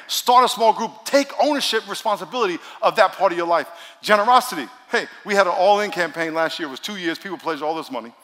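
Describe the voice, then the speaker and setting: High-pitched emphatic preacher in a big hall. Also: male voice, lively intonation, brisk. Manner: emphatic, repeats lines for stress, swings from loud to quiet. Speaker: pastor. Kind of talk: sermon. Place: large church. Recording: long hall reverb in a large church.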